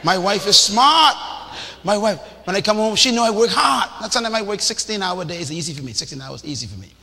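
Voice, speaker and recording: A man preaching a sermon in a lively, animated way, acting out little scenes and shouting for emphasis. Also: sits high, fairly quick, gravelly. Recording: reverberant hall with faint noise.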